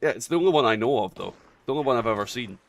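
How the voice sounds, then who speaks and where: A man's voice: medium pitch, lively intonation, very fast, a little hiss or hum. A man with a Scottish accent, chatting and bantering casually while playing a game, swearing freely and laughing often. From Scotland. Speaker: streamer.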